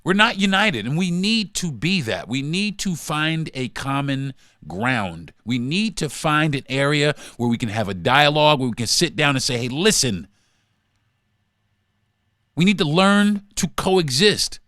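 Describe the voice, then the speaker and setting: Fired-up man ranting, high lively voice. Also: moderate pace, no room sound, studio quality. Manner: heated, profane, swings between shouting and muttering. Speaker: podcast host. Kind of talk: profane ranting monologue.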